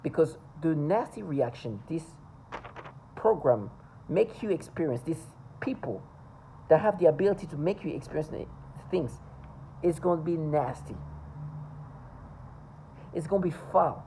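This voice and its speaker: A woman with a low, warm, mellow voice speaks to camera in a personal vlog. She is earnest and insistent, stumbling often as she repeats words and restarts her sentences. A faint hum of noise sits under her voice. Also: expressive, unhurried, pauses often, low-quality recording. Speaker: vlogger.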